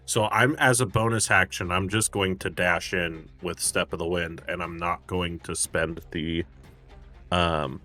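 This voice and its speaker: A man's voice: low-pitched, steady tone, a little slow, sharp tone. A man playing a tabletop game, asking about the rules and thinking his moves through aloud. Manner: asks questions, thinks aloud. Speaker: player.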